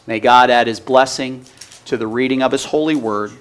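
A male pastor giving a sermon, leading a Scripture reading and then praying in an earnest, reverent way. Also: medium pitch. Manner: slow, earnest, reverent pulpit delivery. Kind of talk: sermon with congregational reading and prayer.

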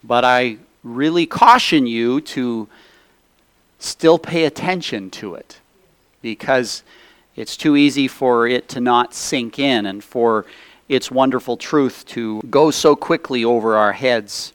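During a sermon, a pastor guides a congregational Scripture reading before moving into prayer, his pulpit delivery slow, reverent and earnest. He has a mid-range voice, recorded without echo.

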